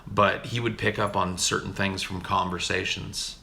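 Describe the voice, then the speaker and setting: A man's voice: low voice, little pitch movement, moderate pace, gravelly, sharp tone, a little hiss or hum. A man chatting casually with his stream audience, laid-back and profane, often calling people dude. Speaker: streamer answering chat. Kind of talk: casual chat. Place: home recording room.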